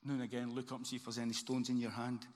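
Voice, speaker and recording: A man's voice: mid-range voice, little pitch movement, rapid-fire. A man preaching a sermon as pastor, earnest, with a repeating emphatic cadence. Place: church hall. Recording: church hall reverb, faint ambience.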